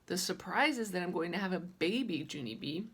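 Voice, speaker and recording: A woman reading a children's audiobook, voicing a patient, gently teasing young mother who explains things calmly. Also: fairly low pitch, brisk, husky. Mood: gentle. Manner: calm, explaining.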